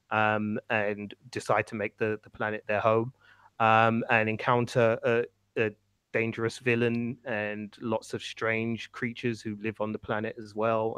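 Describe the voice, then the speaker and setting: A man's voice: on the low side, fairly bright tone, no echo. A man hosting a podcast, steering the chat in an upbeat casual way and explaining an old cartoon. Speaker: podcast host.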